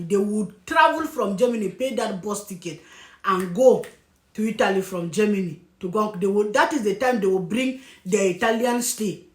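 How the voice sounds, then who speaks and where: A woman's voice: mid-range voice, a little mellow. Emphatic woman vlogger in echoey room. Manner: emphatic, scolding, apologetic asides. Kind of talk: opinionated commentary. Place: lives in Germany.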